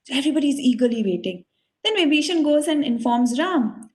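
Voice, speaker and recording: A woman's voice: sits high, animated, brisk, a little mellow, poor audio. A woman teacher telling a sacred story to a children's class, earnest and full of fillers. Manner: earnest, with many fillers and restarts.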